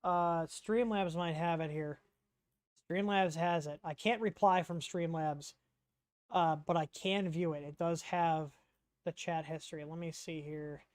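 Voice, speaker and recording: A man's voice: on the high side, steady tone, measured pace, clean tone, no room sound, studio quality. A man hosting a casual livestream Q&A, rambling and chatty, reading out chat questions with lots of ums.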